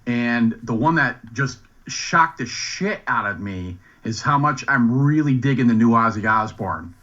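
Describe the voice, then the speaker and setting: Bright man on dull lo-fi remote audio. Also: medium pitch, expressive, a little slow. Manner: enthusiastic, searches for words. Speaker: guest podcaster. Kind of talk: casual chat.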